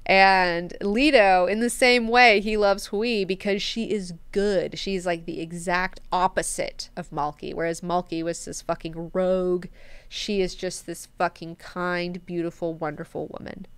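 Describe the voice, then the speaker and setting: A woman hosting a book club, summarizing chapters in a chatty, animated way and swearing often. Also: lowish voice, measured pace, smooth, no room sound. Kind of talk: casual book discussion.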